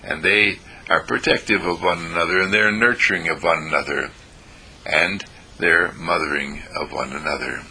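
A man leading a guided affirmation talk in a gentle way, repeating phrases. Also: low-pitched, normal speed, slight background noise. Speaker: inspirational speaker.

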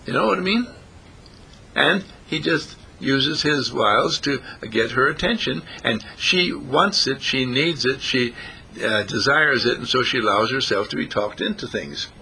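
A man's voice: medium pitch, expressive, unhurried, gravelly, sharp tone, a little hiss or hum. A man preaching a folksy sermon, repeating phrases and lifting his voice on the key words. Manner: folksy, repetitive, rising emphasis on key phrases.

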